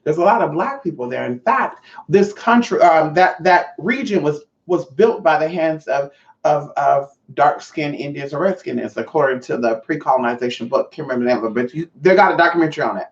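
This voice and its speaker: A woman's voice: deep voice, animated, brisk. A woman hosting a casual livestream, reading chat aloud, swearing freely and calling her viewers honey. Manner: brassy, profane, calls viewers honey. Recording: roomy, distant, dull lo-fi mic.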